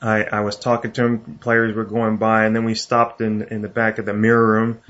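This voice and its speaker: A man hosting a casual baseball chat, talkative and quick to laugh. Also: fairly low pitch, completely flat delivery, a bit bright, dull audio. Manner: chatty, laughs easily. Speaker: podcast host.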